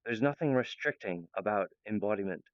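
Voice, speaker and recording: A young man talks in a long, wandering monologue, chuckling often and restarting his sentences. His voice is smooth and resonant at a middling pitch. The recording is dull and lo-fi, with no room echo at all. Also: animated, brisk. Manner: meandering, laughs often, many restarts. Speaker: channel host. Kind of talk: rambling monologue. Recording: dull, lo-fi, dry sound.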